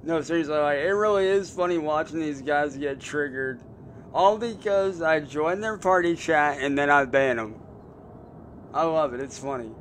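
A young man chatting casually while streaming a car game, loose and swearing, mocking trolls and getting excited over cars. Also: on the high side, normal speed, a little hiss or hum.

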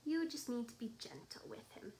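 A woman's voice: a little high, big pitch swings, moderate pace, darkish tone, a little hiss or hum. A woman voicing a kind, reassuring father in a read-aloud storybook.

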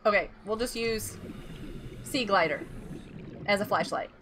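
A young woman streaming a video game, chatting casually and getting excitable, with frequent gasps and giggles. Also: mid-range voice, a little slow, slight background noise. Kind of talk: casual live gameplay chat.

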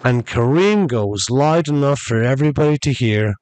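A man's voice: medium pitch, lively intonation, normal speed, hardly any pauses, a little mellow, no echo. A man hosting a podcast, telling a rambling story casually and calling his listeners folks. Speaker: podcast host.

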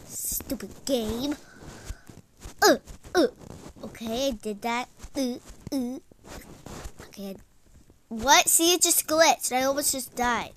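A young woman giving casual commentary on her gameplay, often frustrated, exclaiming loudly, then dropping to whispers. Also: sits high, slow pace, long pauses, a little hiss or hum. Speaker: gaming vlogger.

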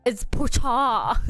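A woman's voice: a little high, fairly bright tone, no echo. A woman streamer in casual live-stream chat, laughing often as she reads lists aloud and tries out pronunciations. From Korea. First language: Korean.

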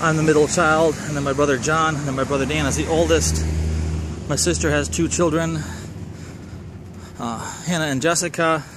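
A man's voice: fairly high pitch, fairly even intonation, moderate pace, background noise. Minnesotan man telling a rambling story. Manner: rambling, self-correcting, wry. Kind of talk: casual personal storytelling.

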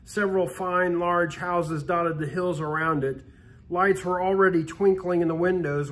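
Storyteller: a high-voiced man reading aloud with a steady pace and the odd restart. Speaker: story reader. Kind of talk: read-aloud Christmas story.

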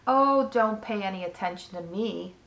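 A woman voicing a wise, gentle female spider who talks slowly and calmly in a storybook reading. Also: mid-range voice, lightly acted. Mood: sad. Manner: slow, calm, measured. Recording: echoey room.

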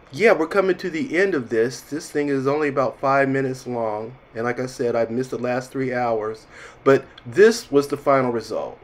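A man with a lilt talks through his watercolor painting in a relaxed tutorial voice-over. His voice sits at a middle pitch, and his manner is chatty and self-mocking, full of wry jokes. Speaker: watercolor artist teaching.

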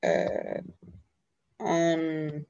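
Unsure male learner, higher voice with gravelly fry, on a dull dry video call line. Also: completely flat delivery, very slow, darkish tone, no room sound. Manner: hesitant, unsure. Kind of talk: casual lesson chat.

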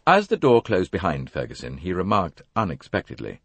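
A man narrating an audiobook in a measured storytelling manner. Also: low-pitched, wildly swooping pitch, a bit bright, breathy edge, no room sound. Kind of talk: scripted narration.

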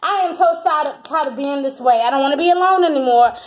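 A woman reads tarot in a high-pitched, fast voice, exuberant and emphatic, repeating phrases to drive them home and breaking into laughs and whoops. The recording quality is low.

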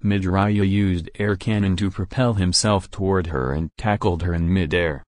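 A male storyteller reading a fan fiction aloud in a steady storytelling manner. His voice is low and the recording is dry and close, with no room sound. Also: moderate pace, no room sound. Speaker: story narrator.

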